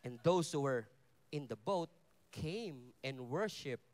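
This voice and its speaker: A man's voice: medium pitch, lively intonation, slow, darkish tone. A man with a Filipino accent preaching a sermon at a festival, shifting between English and Tagalog and acting out the disciples' voices. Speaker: pastor. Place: festival stage before a congregation.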